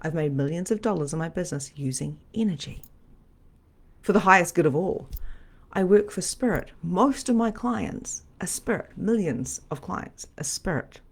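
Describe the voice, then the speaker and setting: A middle-aged woman, a medium and spiritual coach, teaching on a live stream in a chatty, animated, repetitive way. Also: lowish voice, normal speed, slightly rough.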